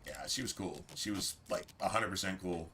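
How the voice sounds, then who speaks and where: A man's voice: low voice, moderate pace, bright, forceful tone, a little hiss or hum. A man chatting casually on a game livestream, rambling and swearing freely as he talks to his viewers. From United States. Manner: rambling, profane, opinionated. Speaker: game streamer.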